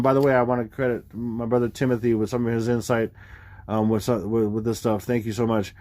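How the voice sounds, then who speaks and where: A man explaining dates and numbers on screen in a rambling, excitable way, full of fillers and sudden exclamations. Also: medium pitch, fairly quick, no room sound. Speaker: video creator explaining number theories. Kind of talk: casual screen-share commentary.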